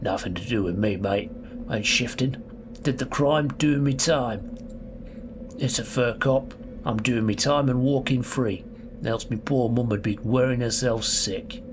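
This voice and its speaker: A man's voice: medium pitch, unhurried, noisy background, lightly acted. A man putting on a London accent to voice a chatty, cheeky male thief prisoner in a game. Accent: put-on London. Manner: chirpy, slangy.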